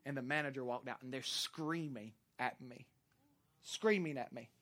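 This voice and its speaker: A male minister with a Southern US accent preaching a sermon, swinging from loud, impassioned preaching to quiet storytelling. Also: medium pitch, normal speed.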